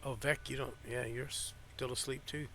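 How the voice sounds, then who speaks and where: A man's voice: mid-range voice, fairly even intonation, moderate pace, a bit bright, slight background noise. A man narrating as game master of a tabletop game, rambling with fillers and restarts.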